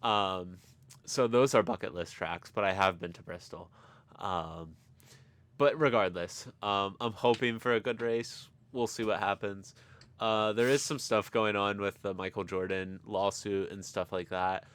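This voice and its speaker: Young male co-host, low resonant voice, relaxed and easygoing. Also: unhurried, clean tone. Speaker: podcast co-host. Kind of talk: casual sports chat.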